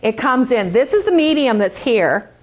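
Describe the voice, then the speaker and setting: A woman's voice: fairly high pitch, very animated, normal speed. A woman who designs quilt patterns, giving a chatty hands-on craft demonstration, sassy and joking and playfully boastful.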